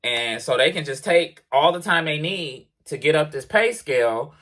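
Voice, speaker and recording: Animated man telling a work story. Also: on the high side, normal speed. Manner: animated, emphatic, quotes conversations in voices. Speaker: truck driver vlogger. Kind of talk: casual storytelling rant. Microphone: action camera mic. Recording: action camera.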